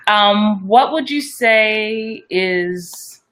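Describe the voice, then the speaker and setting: Bright-voiced woman hosting a live stream. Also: medium pitch, extremely slow. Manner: upbeat, direct, addresses viewers. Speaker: host of an acting show.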